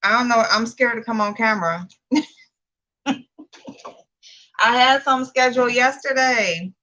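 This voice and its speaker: A woman's voice: a little high, a little slow, sharp tone, highs cut off. A young woman hosting a casual livestream while doing her makeup, chatty and a little nervous, greeting viewers by name. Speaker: beauty YouTuber hosting a livestream.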